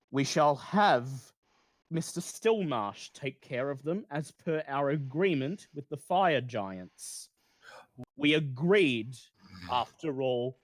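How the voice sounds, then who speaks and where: A man's voice: mid-range voice, dry recording. A man voicing a taciturn male innkeeper who speaks curtly and coldly. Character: gruff taciturn male innkeeper, cold plotter.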